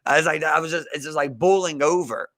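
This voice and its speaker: A man's voice: fairly high pitch, fast, fairly bright tone. A young man co-hosting a podcast, telling a profane story in casual chat and leaning heavily on "like" and "bro.". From Maryland. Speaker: podcast co-host.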